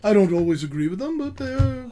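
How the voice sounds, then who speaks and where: An older woman narrating as game master in a tabletop game, speaking in a measured, explanatory way and laughing easily. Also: mid-range voice, sing-song, dark tone, a little hiss or hum.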